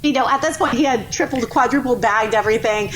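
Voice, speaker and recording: A woman guest on a podcast, telling a story in a lively, animated way and acting out the people in it. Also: on the high side, fast talker, slight background noise, low-quality recording. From New Orleans. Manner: animated, acts out voices in her stories. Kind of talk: casual storytelling.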